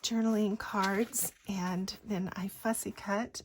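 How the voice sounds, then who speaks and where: A woman narrating a craft journal flip-through in a gentle voice that often drops into a breathy whisper. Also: medium pitch, steady tone, slow. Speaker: craft designer showing a journal. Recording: faint background noise.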